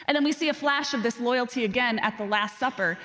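A woman preaching a sermon, telling self-deprecating stories in an animated way. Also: a little high, fast talker. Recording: reverberant hall.

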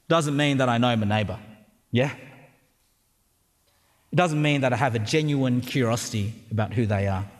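A man with an Australian accent preaching a sermon, conversational and joking, often checking in with the crowd. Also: mid-range voice. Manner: conversational and humorous, with frequent tag questions. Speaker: pastor. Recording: long hall reverb.

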